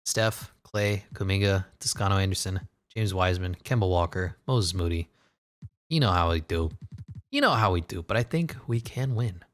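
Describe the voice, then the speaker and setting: Excitable man narrating a basketball game. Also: low voice, normal speed. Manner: excitable, swearing, jokey asides and laughs. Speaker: gaming commentator. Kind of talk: casual gameplay commentary.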